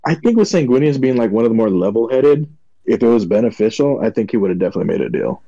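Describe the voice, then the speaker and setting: A man's voice: mid-range voice, animated, fast talker, mellow, no echo, dull audio. A man co-hosting a podcast in casual chat, laid-back, chiming in and swearing casually. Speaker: podcast co-host.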